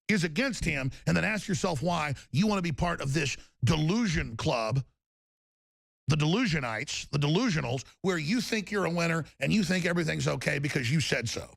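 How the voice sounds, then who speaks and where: A man in his forties with a deeply gravelly, rough-edged voice sits fairly high for his sex. He delivers a fevered talk radio rant that swells into shouting, heard dry and close on the mic. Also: dry recording. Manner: impassioned, shouting, emotional tirade. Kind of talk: ranting talk show monologue.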